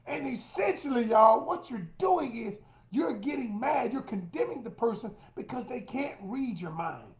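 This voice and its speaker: In a roomy, muffled lo-fi recording, a middle-aged man coaching women on relationships speaks at an extremely high pitch, animated and at normal speed. He's forceful and direct, calling listeners y'all and acting out quotes.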